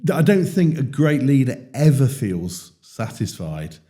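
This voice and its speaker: A British man hosts a leadership conversation and tells animated stories. He slips into acted-out quotes as he goes. His voice is mellow and dark in tone. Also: medium pitch, a little slow. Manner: animated storyteller, acts out quotes. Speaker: podcast host. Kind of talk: casual conversation.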